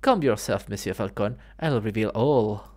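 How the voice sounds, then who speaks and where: A man voicing a sly male fox detective who poses as a prince, speaking smoothly, quietly and theatrically. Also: on the low side, animated, normal speed, natural voice.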